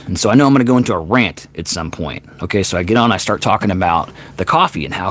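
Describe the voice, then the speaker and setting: Rambling, lively-voiced streaming musician. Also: male voice, lowish voice, very fast, hardly any pauses. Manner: rambling, self-correcting storyteller. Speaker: singer-songwriter livestream host. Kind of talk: casual livestream chat.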